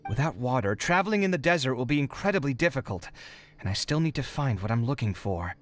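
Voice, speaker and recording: An actor with a medium-pitched, animated, fast-talking voice dubs a video game role as a weary, put-upon young male architect, performing it lightly. The character sighs and complains in exasperation over faint game music.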